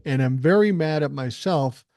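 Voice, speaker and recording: A man's voice: on the high side, normal speed, darkish tone, no room sound, studio quality. Blunt, profane older man, podcast host. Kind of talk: solo political podcast monologue.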